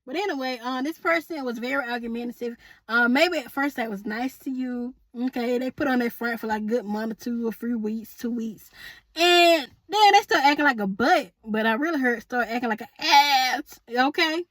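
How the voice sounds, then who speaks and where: A tarot reader with a fairly bright, high-side voice talks at a moderate pace in a dry recording. Chatty and sassy, she calls her viewers honey and boo, laughs often, and questions spirit out loud.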